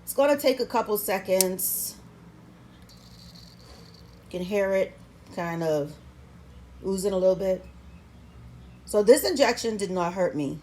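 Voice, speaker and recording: A woman's voice: medium pitch, lively intonation, measured pace, long pauses, dark tone, slight background noise. A woman talking through a how-to vlog in a playful, sassy, chatty way, recording herself at home on a camera stand. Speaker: vlogger.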